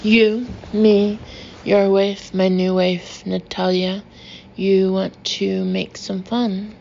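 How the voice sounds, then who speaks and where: A woman reading an audiobook voices a loud, blunt Russian man with a heavy put-on accent. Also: high voice, level tone, takes it slowly, vocal fry, lo-fi sound, a little hiss or hum, full character voice. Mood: brash inviting.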